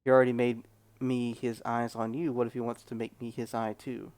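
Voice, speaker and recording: A man reads out a fiery, brooding female warrior dancer from a fantasy game. The delivery is plain and read aloud, at a middle pitch. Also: flat delivery, a little fast, a little mellow, smooth, close to an everyday voice.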